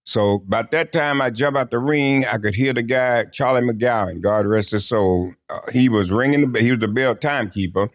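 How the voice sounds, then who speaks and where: Older man telling lively stories. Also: mid-range voice, normal speed, few pauses. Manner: lively anecdotal storyteller who acts out quotes. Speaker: interview guest. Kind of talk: casual storytelling interview.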